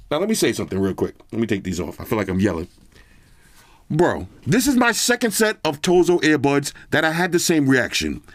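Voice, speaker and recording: At medium pitch, with big pitch swings and a brisk pace, a male product reviewer chats to his viewers in slang. He's casually reviewing earbuds on his channel.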